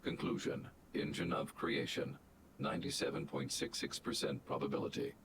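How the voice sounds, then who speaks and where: An actor playing a huge stern male robot guardian, speaking in flat mechanical reports in video game dialogue. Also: a bass voice, normal speed, background noise. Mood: calculating.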